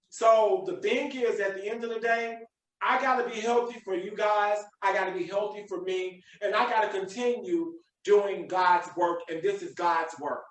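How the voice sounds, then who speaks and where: There's a distant, set-back quality to this recording of a live video podcast host, whose high, bright voice echoes through the room. He preaches his motivational message with strong emphasis.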